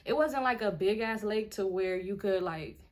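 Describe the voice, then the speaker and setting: A woman in her twenties telling a storytime in a chatty, animated way, full of "like" and acting out what people said. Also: medium pitch, normal speed. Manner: chatty, animated, heavy on filler "like", acts out others' lines. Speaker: vlogger. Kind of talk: casual storytime.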